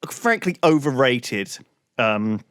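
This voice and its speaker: A man's voice: medium pitch, lively intonation, slow pace, a bit bright, smooth, dry recording, clean studio sound. A young man, a podcast co-host, telling a story in a rambling way full of "like" and restarts. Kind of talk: casual podcast chat.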